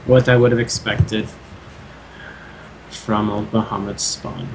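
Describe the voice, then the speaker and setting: Man playing a proud dragon, grumbling, contemptuous, slow and dark, faint hiss behind. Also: lowish voice, flat delivery, poor audio.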